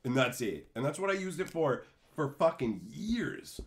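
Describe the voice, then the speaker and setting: A man's voice: fairly high pitch, big pitch swings, moderate pace. A man streaming casually, chatting with his live viewers in a rowdy, swearing way, laughing often and calling them bro and son. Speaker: streamer reading live chat. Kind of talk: casual profane stream chat.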